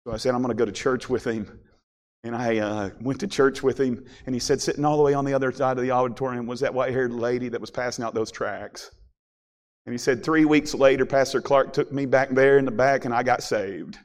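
A middle-aged man preaching a sermon, telling stories with big swings from shouting to quiet. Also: medium pitch, fairly quick. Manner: animated storytelling, swings from shouting to soft.

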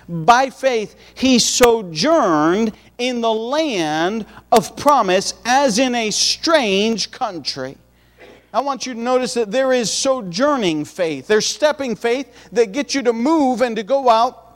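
A man with a notably high voice delivers a sermon in an easygoing, folksy manner. He talks like a missionary preacher chatting with his congregation, with plain homespun asides woven between the scripture.

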